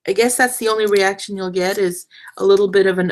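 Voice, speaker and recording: A woman's voice: mid-range voice, fairly even intonation, fast talker, rough recording. A young adult woman hosting a casual crafting livestream, chatty and self-deprecating, trailing off mid-sentence as she works with her hands.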